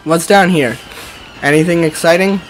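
A male streamer commentating his gameplay, often frustrated and ranting at the game, with sudden bursts of yelling. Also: a little high, normal speed, soft background music.

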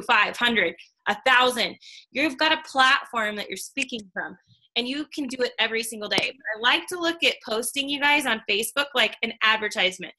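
An upbeat woman coaches her team through a casual training talk on a call. Her voice is bright and sits a bit high, and she keeps things chatty and encouraging. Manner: upbeat, chatty, lots of "like" and "okay". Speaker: business trainer.

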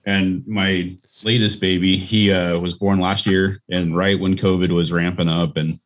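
A man's voice: low-pitched, flat delivery, measured pace. A man co-hosting a podcast, telling a family story plainly and matter-of-factly. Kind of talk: casual podcast chat.

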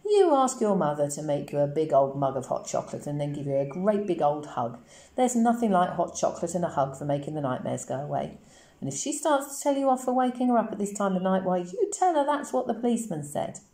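A woman voicing a gruff male police officer who jovially humours a child on the phone. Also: fairly high pitch, lively intonation, fast talker, few pauses, warm tone, voice pushed up, lightly acted. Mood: patronising. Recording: roomy echoey recording.

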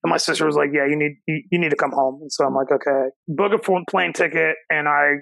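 Gravelly, reflective man in his thirties. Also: on the high side, steady tone, a bit bright, no echo, poor audio. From Cincinnati, Ohio, USA. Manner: reflective, halting, many restarts and 'you know' fillers. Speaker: chef and restaurant owner, podcast guest. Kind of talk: casual interview storytelling.

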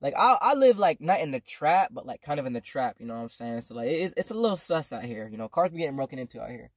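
A man's voice: medium pitch, quick pace, no room sound, clean studio sound. A man in his twenties telling a life story in a casual vlog, rambling and swearing a lot. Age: 20s. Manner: rambling, profane, animated. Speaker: vlogger.

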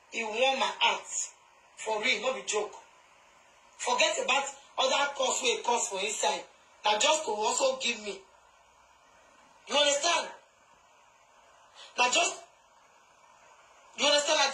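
A woman's voice: a little high, bright, forceful tone, reverberant, low-quality recording. A woman speaking with a Nigerian Pidgin English accent, scolding and confronting viewers in a live social media video rant, driving her points home with repetition.

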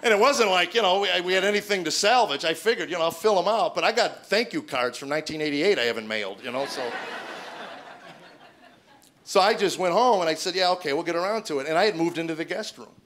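A man's voice: a little high, lively intonation, fast talker, background noise. Man telling a stage story in a raised voice. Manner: storytelling, turning loud for punchlines and soft and hushed for serious moments. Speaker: stand-up comedian. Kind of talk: stand-up comedy with a personal testimony. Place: stage in front of a laughing audience.

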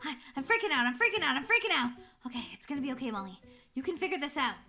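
A woman's voice: high voice, very animated, racing, gravelly, sharp tone, soft background music, pitched below the performer's own voice, exaggerated voice. A woman voicing a flustered teen girl with a crush. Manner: flustered, stammering, giggly. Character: bubbly nervous teenage girl with a crush. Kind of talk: voicing a role-play video.

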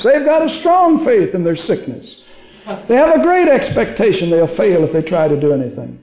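Male preacher, high voice, dull old sermon recording, lively storyteller. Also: roomy sound. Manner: animated storytelling, acting out quoted voices; hushed, slow prayer. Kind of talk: sermon with prayer. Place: church sanctuary.

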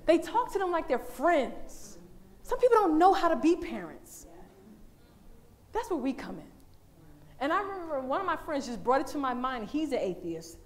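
A woman giving a lively, conversational talk at a church as the women's day speaker, animated and laughing often. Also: high-pitched, moderate pace.

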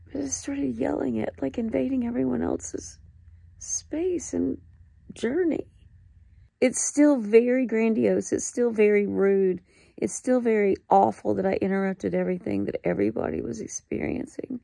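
A woman recording a raw confessional diary clip, halting, upset and close to tears, swearing as she talks. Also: on the high side, vocal fry, mellow, no echo. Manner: halting, distressed and ashamed, with swearing. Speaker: vlogger.

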